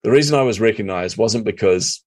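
Middle-aged New man, deep-ish, lively storyteller guest. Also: brisk. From New Zealand. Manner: animated storyteller acting out his own past reactions. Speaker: podcast guest, marketing coach. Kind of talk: storytelling interview chat.

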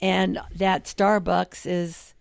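A woman's voice: lowish voice, little pitch movement, creaky, no room sound. A woman co-hosting a drive-time radio show, backing up her partner with wry asides in casual chat. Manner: supportive listener, quick wry asides.

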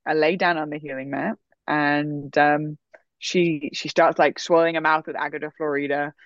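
A woman telling a personal story in a casual, animated way, full of fillers. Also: sits low, normal speed, no echo. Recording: dull, dry sound.

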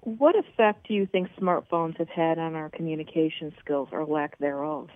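A woman's voice: low-pitched, moderate pace, dry recording. A woman interviewing a guest, chatty and frank, asking questions in a casual way. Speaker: radio interviewer. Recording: tinny dry phone-like sound.

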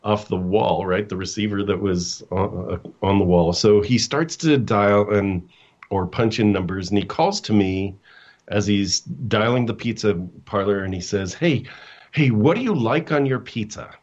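A middle-aged man with a low voice tells a story from his own life as a guest coach. He talks haltingly, restarts often and acts out quotes. The sound is dull and lo-fi, like audio from a remote call. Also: a little mellow. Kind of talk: storytelling in a casual interview.

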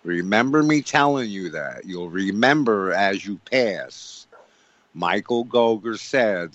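Slow but animated, a man with a lowish, slightly bright voice delivers a preachy spiritual talk on faith over the radio. He repeats himself and asks rhetorical questions with emphasis, and the recording lacks echo but sounds dull and lo-fi like radio.

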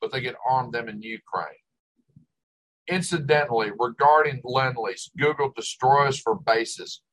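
A man's voice: mid-range voice, a little slow, a bit bright, low-quality recording. An older man hosting a talk show, ranting with exasperation and sarcasm. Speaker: host. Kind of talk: ranting commentary.

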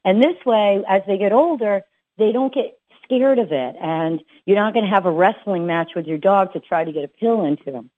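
A woman's voice: medium pitch, lively intonation, moderate pace. A woman dog trainer giving casual advice, chatty and full of fillers and restarts. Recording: tinny phone-like sound.

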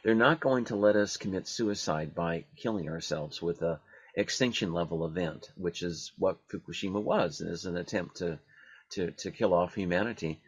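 A man hosting a radio talk show, talking in a halting way with many fillers and restarts. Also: deep voice, breathy edge, no room sound.

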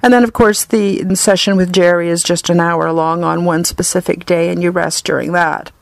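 A woman's voice: on the low side, fairly even intonation, moderate pace, creaky, no room sound. A woman from Canada, giving an earnest, effusive personal testimonial.

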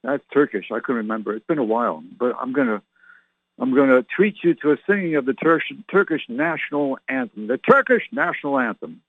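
A man's voice: medium pitch, sing-song, a little fast, vocal fry, no echo. A man in his sixties hosts his own show alone from an enclosed home patio. He talks in a chatty, joking, meandering way. His voice comes through thin and phone-like, and the sound is dry. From Canada. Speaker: show host. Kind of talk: rambling solo monologue. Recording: tinny phone-like line, dry.

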